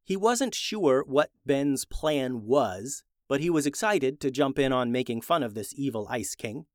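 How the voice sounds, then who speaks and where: A man narrating a children's adventure story in a lively, expressive way. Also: medium pitch, measured pace, dry recording, clean studio sound.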